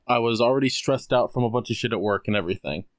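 Casting: male podcast co-host, sweary and animated, mid pitch, dry sound. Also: fast talker, dry recording. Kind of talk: casual chat.

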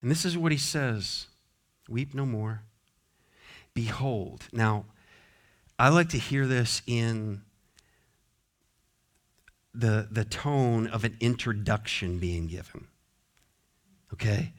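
A man preaching a sermon as pastor, moving between soft, gentle consoling passages and emphatic, repeated declarations. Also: medium pitch, slow, pauses often.

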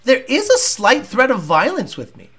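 A man's voice: very high-pitched, huge pitch swings, moderate pace, fairly bright tone, breathy edge. A man hosting a talk show, ranting in a blunt, profane and combative way. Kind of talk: casual rant.

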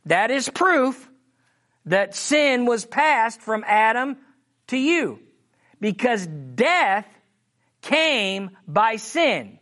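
Reading scripture slowly and emphatically, this preacher teaches a Bible sermon in a mid-range, sing-song, fairly bright voice. "Amen?" and "All right?" come up often as he checks in with listeners.

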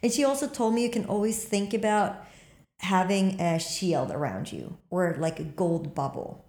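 A woman telling a story in casual talk. She acts out her own lines with sudden jumps up into squeaky highs. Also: a little slow. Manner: animated, acts out quotes with sudden high squeaks. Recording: echoey room.

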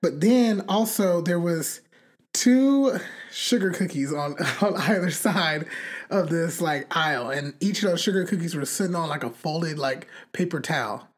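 A woman's voice: fairly low pitch, a little slow. Rambling young woman telling a story. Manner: rambling, animated storytelling with frequent "like" and cussing. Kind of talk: casual chat, telling a dream.

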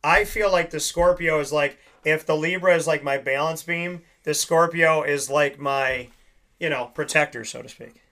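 A young man with a bright, fairly high voice talks in a loose, rambling way. He hosts a casual chat and tells long stories, and he acts out the lines of the people he quotes. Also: moderate pace. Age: young adult.

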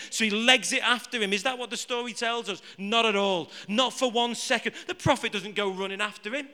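A man preaches to his congregation in a high, ringing voice. He jokes and fires rhetorical questions at the room. His voice carries a long reverb from the large hall. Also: a little fast, hardly any pauses, sharp tone. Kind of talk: live sermon to a congregation.

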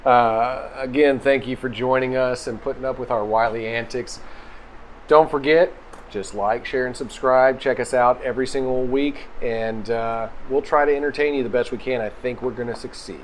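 A man's voice: medium pitch, fairly even intonation, moderate pace, a little hiss or hum. Easygoing male game master. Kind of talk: narrating a tabletop game.

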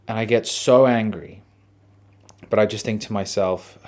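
An Australian man hosting a podcast, telling a story in a casual, animated, profane way. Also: fairly low pitch, moderate pace. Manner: animated, profane, dramatic retelling. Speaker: podcast host.

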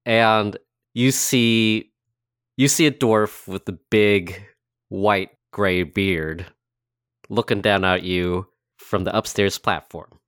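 A man's voice: on the low side, takes it slowly, fairly bright tone, smooth, no echo, studio quality. A man narrating a tabletop game as dungeon master, casual and self-correcting with chuckles.

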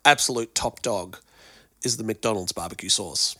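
A man with an Australian accent, chatting casually as a podcast guest and telling animated stories, often repeating words as he starts a thought. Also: fairly low pitch, moderate pace, dry recording, studio quality. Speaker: guest musician and presenter.

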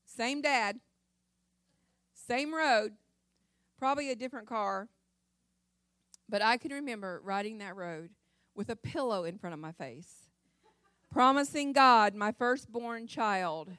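This woman's voice sits fairly high, and she talks a little slowly with frequent pauses, recorded with no room sound. Hailing from Ohio, USA, she's a guest speaker at church offering a folksy, chatty personal testimony, lively and marked by many restarts.

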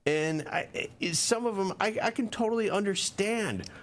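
A man's voice: high voice, moderate pace, slight background noise. Ranting, fired-up male co-host. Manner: heated, ranting, profane. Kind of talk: casual political talk show.

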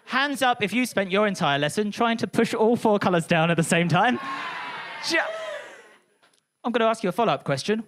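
A woman comedian doing a punchy, animated stand-up set on a club stage. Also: medium pitch, a little fast, pauses often. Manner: animated, punchy, laughing through lines.

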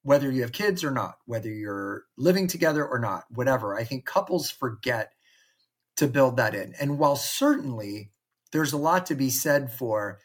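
A man's voice: mid-range voice, lively intonation, normal speed. A man co-hosting a podcast in casual conversation, telling stories and acting out bits of dialogue. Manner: storytelling, acts out quoted dialogue. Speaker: podcast co-host.

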